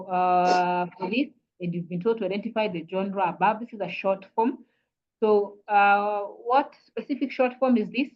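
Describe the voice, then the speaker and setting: An English teacher with a Kenyan accent runs an online revision lesson over a video call, her voice at a middle pitch. She's patient and repetitive, often saying "kindly" and using frequent "uh" fillers, and the audio sounds dull and lo-fi.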